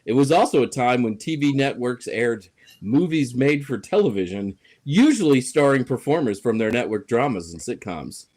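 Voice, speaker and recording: A man's voice: mid-range voice, lively intonation, moderate pace, a little mellow. A man co-hosting a casual chat show, joking with a sarcastic edge. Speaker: co-host.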